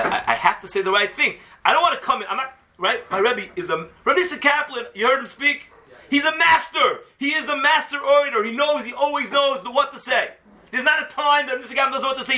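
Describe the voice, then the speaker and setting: A man tells a story to a room of students, his voice sitting high and sounding very bright and sharp. He talks in a lively, conversational way, dropping in Hebrew and Yiddish words as he goes. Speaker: yeshiva teacher giving a talk to students.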